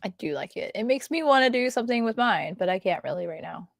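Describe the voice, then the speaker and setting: Young woman guest, giggly, lively pitch swings; dry close mic. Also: creaky, no echo. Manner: giggly, lively, quick reactions. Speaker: guest, friend of host. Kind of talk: casual livestream chat.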